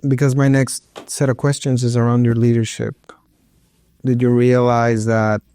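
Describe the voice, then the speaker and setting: Gravelly-voiced man hosting a podcast. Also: medium pitch, little pitch movement, normal speed, mellow. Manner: encouraging, short affirmations. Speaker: podcast host. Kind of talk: interview conversation.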